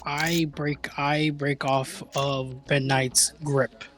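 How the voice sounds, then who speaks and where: A man playing a tabletop game, speaking in a hesitant, halting way. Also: a little high, little pitch movement, background noise. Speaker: player. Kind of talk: casual role-play chat.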